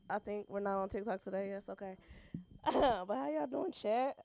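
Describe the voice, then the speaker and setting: A woman's voice: mid-range voice, moderate pace, creaky, a little mellow. A woman doing open-mic stand-up in a small comedy club, playful and chatty, talking to the room and the stream chat.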